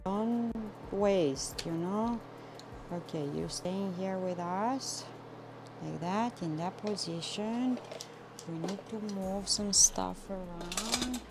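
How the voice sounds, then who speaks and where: A woman chatting with her viewers while she cooks in a home kitchen, excitable and talkative, with some non-native phrasing. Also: medium pitch, slow pace, background noise. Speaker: cooking livestreamer. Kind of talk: casual live cooking chat. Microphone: phone.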